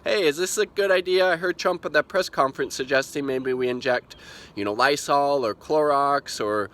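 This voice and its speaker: A man's voice: on the high side, normal speed, fairly bright tone, natural voice. A man putting on a gullible, worried male caller who eagerly asks naive questions in a raised voice.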